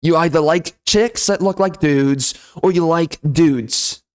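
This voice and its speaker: A man delivering a loud, sneering, profane comedy rant as a game reviewer. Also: a little high, slow. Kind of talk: ranting comedy commentary.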